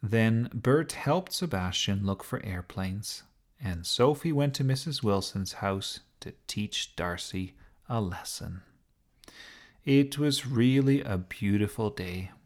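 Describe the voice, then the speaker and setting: A man reads a children's story aloud in a low, gentle voice. He takes his time and lets his tone rise and fall with a lot of expression. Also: animated. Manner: gentle, unhurried reading.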